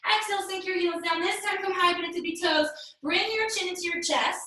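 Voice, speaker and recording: Speaking fast with a very high-pitched, sharp voice, the instructor leads her live yoga session with upbeat cues, bits of singing and self-directed laughs, a little breathless. Heavy reverb and roughness come from the distant laptop mic running over a hotspot.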